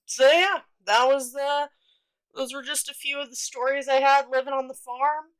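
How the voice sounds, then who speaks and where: A woman's voice: high-pitched, fairly even intonation, moderate pace, fairly bright tone, low-quality recording. A young woman casually telling stories from her childhood, chatty and rambling with lots of fillers and restarts. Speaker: storytime vlogger. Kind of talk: casual storytelling.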